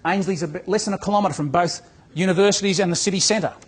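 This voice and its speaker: Husky man telling a story. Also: high-pitched, quick pace. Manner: storytelling, acts out dialogue, repeats words. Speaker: business coach. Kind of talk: motivational talk to real estate agents.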